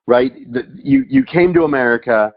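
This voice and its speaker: A man's voice: medium pitch, sing-song, moderate pace, muffled recording. A man hosting a podcast interview, encouraging and asking long, rambling questions. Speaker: podcast host. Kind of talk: interview conversation.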